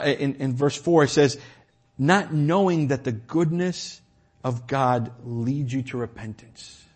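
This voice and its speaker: A man preaching a sermon in a church, stumbling and repeating words as he drives his points home, then dropping to a quiet tone. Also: mid-range voice, husky. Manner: impassioned, repeats words, swings from loud emphasis to quiet.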